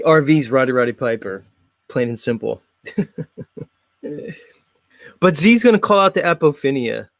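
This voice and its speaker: A man's voice: mid-range voice, no room sound, studio quality. A man hosting a show in a casual, mocking, blunt comedic rant. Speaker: host.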